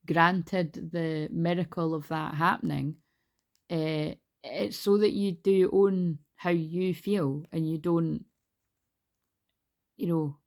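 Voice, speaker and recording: A woman's voice: lowish voice, a little mellow. A woman giving a casual, rambling tarot card reading, laughing and swearing freely as she talks. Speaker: tarot reader.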